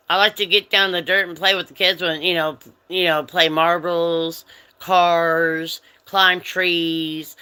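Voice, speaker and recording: A woman hosts a casual livestream and talks straight to her viewers, answering their comments one by one. She speaks at an unhurried, drawn-out pace with a bright, forceful tone. She is friendly and chatty but turns firm and strict when someone is rude. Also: lowish voice, clear, resonant tone. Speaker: livestream host.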